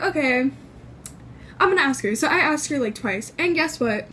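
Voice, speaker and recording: Rambling high-voiced young woman vlogger. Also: lively intonation, normal speed, sharp tone, a little hiss or hum. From California. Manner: rambling, filler-heavy, swears freely. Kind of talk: casual storytime vlog.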